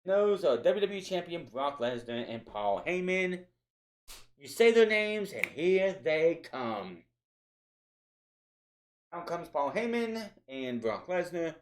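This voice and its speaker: Man, wrestling show reviewer, casual recap, opinionated, fairly high voice. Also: big pitch swings, slow pace, a little hiss or hum. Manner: conversational, opinionated, with frequent restarts.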